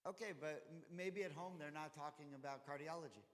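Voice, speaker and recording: Animated man teaching in a reverberant hall. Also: on the high side, brisk, a crowd in the background. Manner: conversational, animated, acts out quoted dialogue. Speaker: rabbi teaching Torah study. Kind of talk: informal Torah study class. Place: temple chapel.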